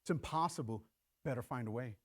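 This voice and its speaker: A middle-aged man preaching a sermon in church, animated and acting out quoted lines in shifting voices. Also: mid-range voice, a little fast, breathy edge. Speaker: pastor.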